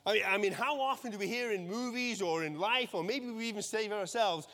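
A man's voice: high-pitched, brisk, fairly bright tone. A male pastor preaching a sermon in a conversational way. He checks in with the listeners and repeats words as he goes. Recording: long hall reverb.

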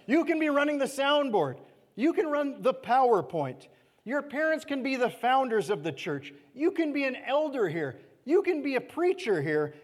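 A man with a high, light voice delivers an earnest sermon in a church sanctuary. He pleads with his listeners and swings from loud emphasis to hushed, quiet lines. His voice rings out with a long reverb through the hall. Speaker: preacher.

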